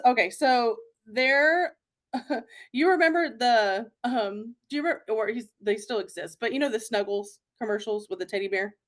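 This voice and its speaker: A young adult woman hosting a podcast, chatting casually in a rambling way with lots of fillers and giggles. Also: on the high side. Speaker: podcast host. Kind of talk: casual chat.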